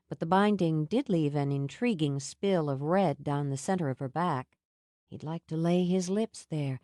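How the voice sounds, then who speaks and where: A woman narrating a romance audiobook in an even, measured way. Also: low-pitched, no room sound, clean studio sound. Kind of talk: scripted narration.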